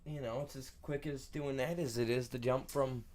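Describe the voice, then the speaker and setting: A man's voice: medium pitch, steady tone, normal speed, darkish tone. A man streaming a farming game, chatting casually to viewers in a rambling, jokey way and saying "man" constantly. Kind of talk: casual gameplay commentary.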